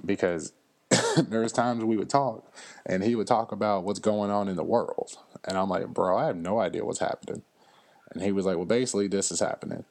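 In a casual solo podcast monologue, a man in his 30s spins loose, chatty stories full of fillers and laughter. He talks a little fast in a lowish, creaky voice with a darkish tone.

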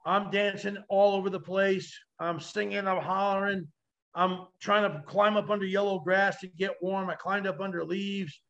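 A man guesting on a podcast, telling animated stories with vivid, salty language and acting out the voices of others. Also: high voice, moderate pace, gravelly, highs cut off. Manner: vivid, acts out quoted voices, swears freely. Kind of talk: animated storytelling.

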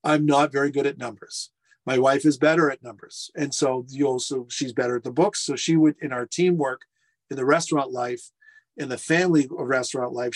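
A middle-aged man, a restaurateur guest, telling lively anecdotes on a video call from his home furnace room and acting out the quotes. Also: medium pitch. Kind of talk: casual storytelling interview.

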